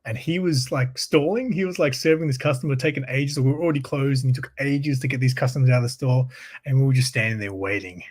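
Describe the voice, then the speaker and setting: Husky Australian man telling a story. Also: mid-range voice, steady tone, fast, a little mellow. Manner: laughs often while telling stories. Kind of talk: casual chat, storytelling.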